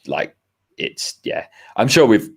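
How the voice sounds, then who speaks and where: An Australian man, co-host of a car podcast, telling a long rambling story in casual chat over a video call. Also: takes it slowly. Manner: rambling storyteller, quotes others in asides.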